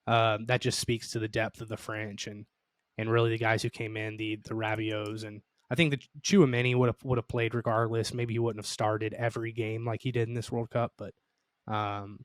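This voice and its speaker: Flat-voiced man in dry close sound. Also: lowish voice, a little fast, no echo. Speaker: podcast co-host. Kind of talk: casual soccer analysis chat.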